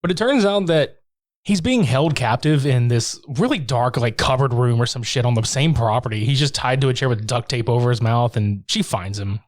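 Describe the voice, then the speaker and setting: A man's voice: mid-range voice, normal speed, dry recording, clean studio sound. A man co-hosting a podcast, casually recapping a movie with lots of swearing and jokey mock voices. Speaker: podcast co-host. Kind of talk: casual chat.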